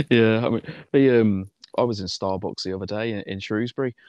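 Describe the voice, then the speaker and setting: A man's voice: fairly low pitch, normal speed, a little mellow, dry recording. A man co-hosting a casual football podcast, rambling with many ums and friendly banter. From Shropshire, England. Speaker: podcast co-host.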